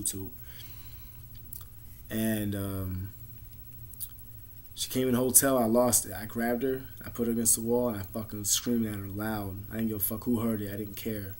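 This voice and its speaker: A man recounts a personal ordeal straight to camera, rambling and swearing freely. His delivery is raw and emotional, at times trailing off into low, quiet murmurs before picking back up. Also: slight background noise. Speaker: vlogger. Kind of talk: personal storytelling.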